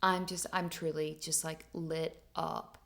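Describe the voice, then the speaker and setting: Chatty woman with a gravelly low voice. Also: flat delivery, takes it slowly, a bit bright. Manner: chatty, full of "like" fillers, laughs often. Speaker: podcast host. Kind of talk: casual storytelling monologue.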